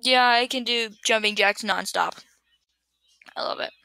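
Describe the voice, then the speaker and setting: Bright, giggly young woman rambling on webcam. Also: a little high, unhurried, gravelly, no echo. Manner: giggly, scatterbrained, trails off and restarts. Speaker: vlogger answering would-you-rather questions. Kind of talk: casual rambling chat to camera. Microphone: built-in computer webcam mic.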